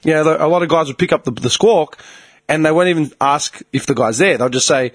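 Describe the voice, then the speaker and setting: A man's voice: a little high, a little fast, dry recording. A man telling stories in casual chat, swearing freely and breaking into laughter. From Australia. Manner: swearing, animated storytelling, bursts of laughter.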